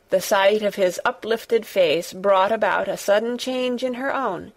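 A woman narrating a classic storybook in a measured, gentle way. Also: medium pitch. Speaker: audiobook narrator. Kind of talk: scripted narration.

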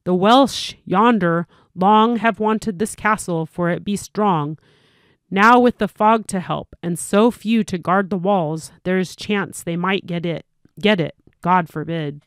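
A woman's voice: fairly low pitch, slow pace, no room sound, clean studio sound. A woman voicing a grave male gatekeeper of a castle, speaking in old-fashioned words, in a storybook reading. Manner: grave, old-fashioned speech, firm and loud.

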